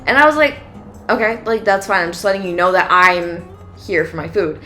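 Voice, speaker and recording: A woman's voice: fairly low pitch, fairly quick, faint music behind. A young woman co-hosting a podcast, casually telling a long story and acting out each side of the exchange with lots of "like". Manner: animated storyteller, acts out quoted exchanges with many "like"s. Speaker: podcast co-host.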